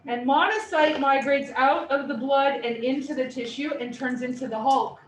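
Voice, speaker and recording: A woman instructor giving a lively, playful classroom lecture. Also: high voice, moderate pace. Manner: animated, playful explanations. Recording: echoey room, distant mic, faint noise.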